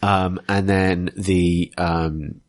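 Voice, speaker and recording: A man co-hosting a podcast, chatting casually as he recaps a tabletop game, with quick asides and silly acted-out quotes. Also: deep voice, fairly even intonation. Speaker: podcast co-host.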